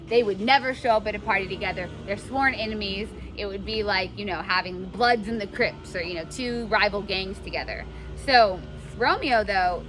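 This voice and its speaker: A woman's voice: medium pitch, a bit bright. A young woman teaching a class, explaining a play casually and paraphrasing its lines in modern slang, recorded in a classroom.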